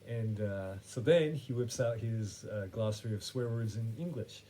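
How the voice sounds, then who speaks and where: A man's voice: lowish voice, normal speed, mellow. A man hosting a podcast who tells a story in a wry, rambling, self-correcting way. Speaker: podcast host. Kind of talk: casual storytelling monologue.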